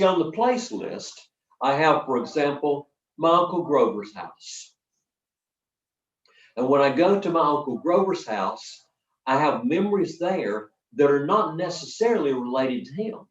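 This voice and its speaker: An older man leading a storytelling workshop, talking to a live audience in a folksy, lively way with dramatic pauses. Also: medium pitch. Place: workshop hall. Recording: roomy, distant, dull sound from the back of a hall.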